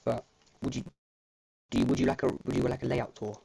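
A man's voice: medium pitch, brisk, vocal fry, dark tone. A man chatting casually on a game livestream, rambling and restarting his sentences, with the odd casual swear word. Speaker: streamer.

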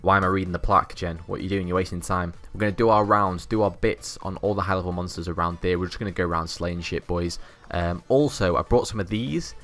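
A young man with a fairly low voice talks over his game footage, hyping himself up with crude banter and mock bravado. Faint music plays underneath. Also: fast talker, few pauses, a bit bright. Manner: cocky, boastful banter with crude swearing. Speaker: gaming channel host. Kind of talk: gameplay commentary.

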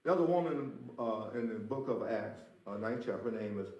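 A man's voice: fairly low pitch, lively intonation, moderate pace, a little mellow, dull audio. A man preaching a sermon as pastor, emphatic, repeating his phrases and speaking straight to the congregation. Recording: roomy echo.

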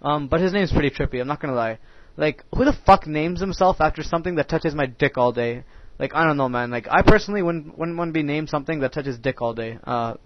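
A young man of medium pitch narrates his own match in a profane rant, leaning heavily on filler words. The recording is dry, made on a dull lo-fi mic, and his manner stays crude throughout.

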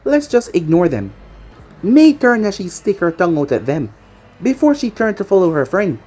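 Husky woman narrating a fan story. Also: medium pitch, big pitch swings, fairly quick, a little mellow, soft background music.

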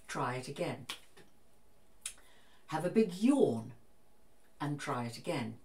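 Low-voiced woman coaching singing in a roomy space. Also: far from the mic. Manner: calm, encouraging instructions. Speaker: vocal coach. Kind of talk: guided singing lesson.

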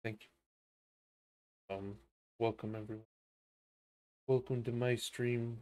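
A man's voice: mid-range voice, fairly even intonation, slow pace, long pauses, darkish tone, no room sound. A tired man streaming a game, rambling crudely and goofily to his chat. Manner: rambling, crude and goofy, drifting into silly voices. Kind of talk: casual live-stream chatter.

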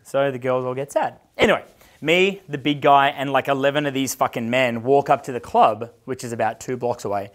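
Talking fairly quickly at medium pitch, a thirty-something Australian dating coach spins a lengthy, casual yarn. He curses nonstop and animates it by impersonating the people he quotes.

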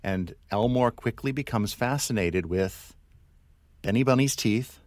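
A man's voice: mid-range voice, a little slow, darkish tone, no room sound, clean studio sound. A man hosting a casual podcast interview, playfully quizzing his guest. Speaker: podcast host.

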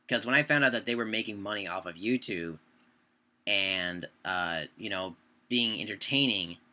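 Bright-voiced young man rambling to camera. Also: on the low side. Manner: rambling, self-correcting. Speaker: YouTube creator. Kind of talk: casual talk to camera.

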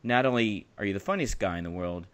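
A man co-hosting a casual podcast chat, excitable and quick to burst out laughing. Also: on the low side. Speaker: podcast co-host.

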